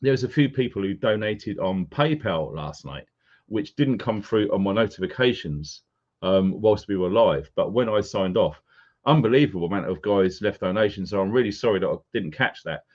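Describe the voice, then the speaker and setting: A man's voice: on the low side, expressive, normal speed, a little mellow. A man hosting a live stream, casually greeting viewers by name as they join. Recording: dull lo-fi sound.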